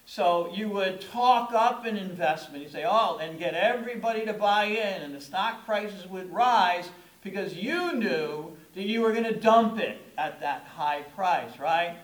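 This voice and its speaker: Middle-aged male pastor, high register, conversational storytelling sermon with emphatic stresses; roomy church echo. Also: animated, a little slow, hardly any pauses. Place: church sanctuary. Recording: echoey room.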